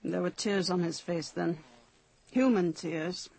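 An actress playing a hard, bitter mother testifying as a witness in a radio drama, flat and blunt. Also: lowish voice, slow pace, vocal fry, husky, full character voice, poor audio.

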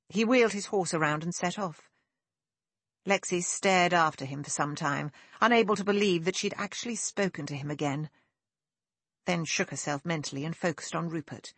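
A woman narrating a period novel in a measured, even storytelling manner, recorded on a close mic. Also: on the low side, slightly rough, no room sound. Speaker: audiobook narrator. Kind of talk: scripted narration.

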